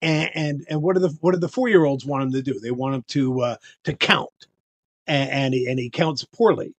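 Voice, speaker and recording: An older man telling stories in a casual podcast interview, animated and acting out voices, with many restarts. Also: medium pitch, brisk, dry recording. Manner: frequent restarts and stammers. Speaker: guest, bubble performer. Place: podcast room.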